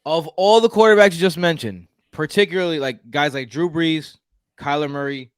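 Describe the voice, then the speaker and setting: A man from Houston co-hosting a podcast, talking casually and jokingly with lively restarts. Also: a little high, normal speed, smooth, dry recording, studio quality. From Houston, Texas. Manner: animated, jokey, frequent restarts. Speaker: podcast co-host. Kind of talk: casual fantasy football chat.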